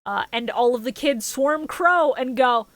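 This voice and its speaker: A woman with a high, bright voice recaps an anime episode on a casual podcast. She talks excitedly, laughs often and swears freely, slipping into quick impressions of the characters. The sound is dry and close. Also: no echo. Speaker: podcast co-host.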